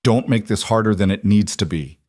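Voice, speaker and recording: A man's voice: lowish voice, brisk, darkish tone, no room sound, clean studio sound, close to an everyday voice. A man voicing a stern frontier sheriff who speaks in a firm, official way.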